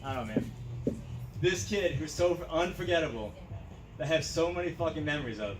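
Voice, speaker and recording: A man giving a halting, rambling roast speech, swearing often. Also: on the high side, animated, music in the background. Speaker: roast speaker. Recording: echoey room from far off with crowd.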